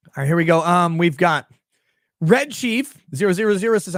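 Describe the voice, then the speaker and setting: High-voiced joking man, dry close sound. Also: lively intonation, moderate pace, fairly bright tone, no echo. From Minnesota. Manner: rambling, crude and joking, with frequent fillers. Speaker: livestream host. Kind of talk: casual livestream chat reading super chats.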